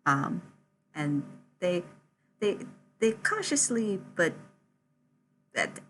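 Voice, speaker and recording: Slow, halting young woman player. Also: lowish voice, very animated, a bit bright, a little hiss or hum. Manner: halting, many restarts and fillers, giggly. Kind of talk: narrating her character in a tabletop game.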